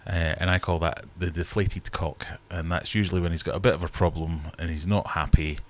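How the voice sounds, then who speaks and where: Broadcasting live from his fish room, this fishkeeper talks briskly in a low, steady voice. His casual chat rambles along with plenty of self-deprecation.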